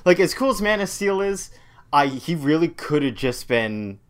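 A man's voice: fairly high pitch, big pitch swings, moderate pace, clean tone. A man in casual podcast chat, giving dry, wry remarks about a comic. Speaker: podcast co-host.

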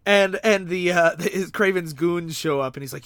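A man with a slightly high voice chats casually in a group, recorded dry and close. He often jumps in to recite a comic's lines dramatically. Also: normal speed, a bit bright, no room sound. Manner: chiming in, reading dialogue aloud with feeling. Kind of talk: casual chat.

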